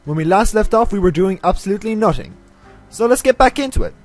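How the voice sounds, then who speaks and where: A man with a congested, nasal voice pitched a little high talks his way through a life-sim game, rambling and poking fun at himself. His volume swings between loud remarks and mumbled asides. Faint game music plays underneath. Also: expressive, fast talker, no echo. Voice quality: stuffy, nasal from a cold. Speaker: let's play host. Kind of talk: casual gameplay commentary.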